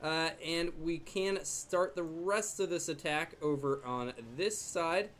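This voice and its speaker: Speaking slowly in a fairly high pitch, a young gaming YouTuber hosts a video, casually narrating his gameplay. His manner is chatty and jokey, and he coos at his dog in a soft baby voice.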